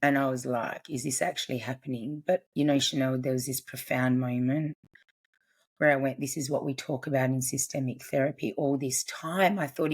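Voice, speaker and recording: Woman, 40s, low register; earnest, confiding podcast guest. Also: fairly even intonation, moderate pace, slightly rough. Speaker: podcast guest, family constellations practitioner. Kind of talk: personal storytelling in conversation.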